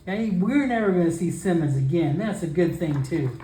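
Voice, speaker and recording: A solo role-player voicing a suspicious, sharp-tongued townswoman in a sarcastic drawl, recorded in an echoey room. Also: medium pitch, animated, normal speed, slight background noise, close to an everyday voice.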